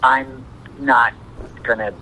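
A man with a New York accent chats as a podcast co-host, halting and tripping over repeated words before he gets a thought out. His voice sits at a middle pitch. Faint ambient noise runs behind him. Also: steady tone, bright, forceful tone, poor audio. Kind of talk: casual banter.

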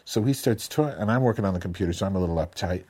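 A man's voice: low-pitched, lively intonation, racing, dark tone, slightly rough. A man co-hosting a casual chat show, telling long rambling stories full of profanity and self-mockery. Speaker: podcast co-host.

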